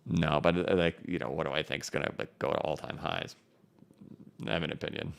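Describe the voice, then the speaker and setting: A man's voice: a bass voice, fairly even intonation, a little fast, vocal fry, clear, resonant tone. A male crypto livestream host chatting loosely with many fillers while reading out viewer comments.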